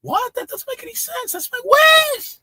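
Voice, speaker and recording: A man telling a joke and voicing a shipwrecked former sailor with a tiny head and a very high-pitched, squeaky voice. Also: lively intonation, moderate pace, fairly bright tone, no echo, full character voice, poor audio. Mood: indignant. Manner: eager storytelling, pleading.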